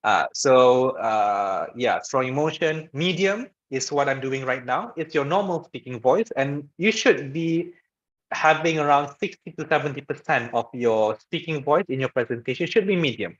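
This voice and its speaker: A man's voice: mid-range voice, lively intonation, normal speed. A man giving an informal online lesson on public speaking, talking conversationally and checking in with the audience often. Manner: conversational, frequent "okay" and "all right" check-ins; demonstrates voice patterns by shifting loud and soft. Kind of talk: informal lecture. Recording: dull lo-fi webinar audio.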